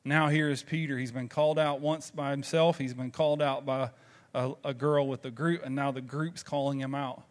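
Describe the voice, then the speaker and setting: Here a male pastor from the American South delivers a sermon at normal speed, his mid-range voice steady in tone. Conversational stories and rhetorical questions to the congregation fill his preaching, all in a Southern accent.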